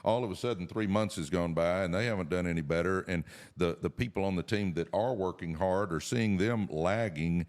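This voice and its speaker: Deep-voiced folksy man hosting a podcast. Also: brisk, hardly any pauses, a little mellow. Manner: folksy, earnest, pep-talk delivery. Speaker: podcast co-host. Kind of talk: casual business podcast chat.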